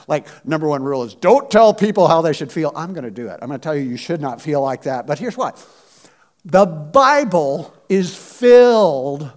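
A man preaching a sermon in a conversational, animated way, acting out quotes from scripture. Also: on the high side. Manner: conversational, animated, acts out biblical quotes in voices. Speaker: pastor.

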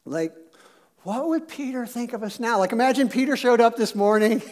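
A man's voice: very high voice, moderate pace, a little mellow. A male pastor preaching a sermon in a casual, jokey way, full of filler words and asides.

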